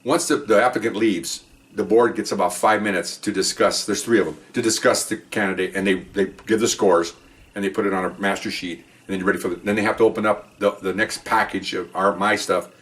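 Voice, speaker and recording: Recounting a tale from his police days on a podcast, this retired officer speaks in a rather low, steady voice that's fairly quick and fairly bright. He casually voices the people in the story and swears in passing, heard from far off the mic.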